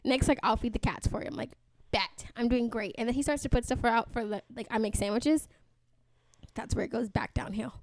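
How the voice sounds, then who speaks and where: A young woman co-hosting a podcast, telling a story in an animated way, acting out quotes and laughing as she goes. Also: on the high side, fairly quick, a little hiss or hum. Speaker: podcast co-host. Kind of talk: casual chat, animated storytelling.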